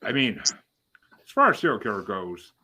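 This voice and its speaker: A man's voice: on the low side, huge pitch swings, a little slow, pushed and bright, slight background noise. A man hosting a casual podcast, reading out bracket matchups with swearing and dry asides. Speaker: podcast host.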